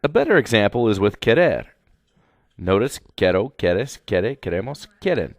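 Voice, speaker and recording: Guy teacher going over verb slides, lowish voice that jumps around a lot, dry close sound. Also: very animated, normal speed, dry recording. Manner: instructive, repetitive, addresses students directly. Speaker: Spanish teacher. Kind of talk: slide-by-slide grammar lecture.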